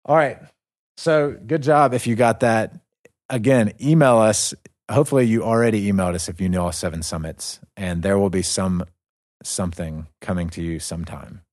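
A man's voice: on the low side, moderate pace, a little mellow. A man with a Southern US accent co-hosting a podcast, playful and upbeat. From North Carolina, US. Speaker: podcast co-host. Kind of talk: casual conversation.

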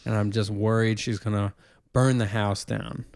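A man's voice: on the low side, little pitch movement, moderate pace, creaky, a little mellow, dry recording, studio quality. A man in his late thirties co-hosting a podcast, chatting casually in a rambling, self-deprecating way. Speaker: podcast co-host. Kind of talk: casual chat.

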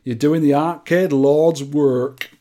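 A man's voice: fairly high pitch, fairly even intonation, slow pace, mellow. A man voicing an elderly Yorkshire pensioner in his eighties, reading out a fan letter in a drawling, folksy way. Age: 80s.

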